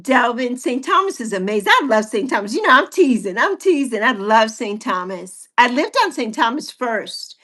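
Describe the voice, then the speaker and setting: A woman's voice: on the high side, sing-song, moderate pace, few pauses, a bit bright. A woman in her sixties hosting a casual livestream chat with viewers, playful and teasing. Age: 60s. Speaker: livestream host.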